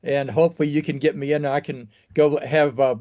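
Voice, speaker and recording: A man's voice: fairly high pitch, steady tone, a little fast, mellow. A man hosting an interview podcast, friendly as he strings his questions together one after another. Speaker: podcast host.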